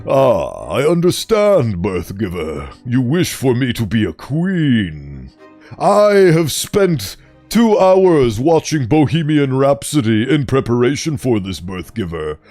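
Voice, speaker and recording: A man's voice: mid-range voice, sing-song, slow pace, a little mellow, dry recording, faint music behind. A man playing a solemn, grandiose worker ant.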